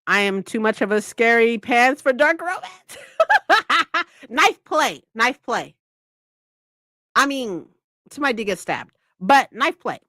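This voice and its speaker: A woman's voice: fairly high pitch, takes it slowly, dry recording, studio quality. A woman hosting a casual live-stream book club, ranting about a book with lots of swearing and frequent laughs. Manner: animated, profane ranting; laughs often.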